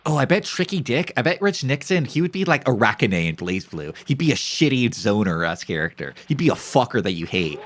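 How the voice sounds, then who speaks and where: A man's voice: medium pitch, big pitch swings, a little fast. A young man streaming, chatting casually in rambling, profane, joking banter. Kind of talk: casual chat on a live stream.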